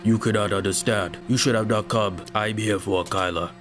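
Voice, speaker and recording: A man voicing an ancient, towering male being who speaks slowly, gravely and almost melodically while reading a game aloud. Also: lowish voice, fairly even intonation, a bit bright, soft background music, pitched below the performer's own voice, lightly acted.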